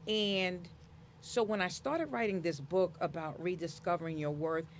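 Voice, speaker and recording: Animated woman telling her story. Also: on the low side, moderate pace, slight background noise. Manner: animated storyteller, acts out quoted voices; emphatic, motivational. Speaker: author and interview guest. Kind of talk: casual interview conversation.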